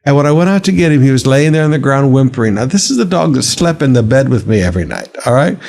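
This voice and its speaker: A man's voice: mid-range voice, big pitch swings, quick pace, creaky, a little mellow. A man, a pastor, giving a devotional sermon in a conversational preaching manner, calling his listeners beloved and lifting his voice for emphasis.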